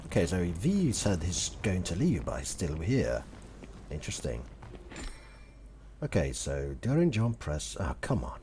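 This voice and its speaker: Deep-voiced man streaming a game. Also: very animated, unhurried, mellow, a little hiss or hum. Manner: chatty, greets chat viewers by name. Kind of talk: casual live gameplay commentary.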